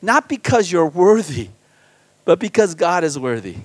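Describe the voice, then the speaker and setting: A man preaching as a guest pastor at a church retreat, animated, swinging between loud emphasis and quiet asides. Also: high voice, measured pace, dry recording. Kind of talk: sermon.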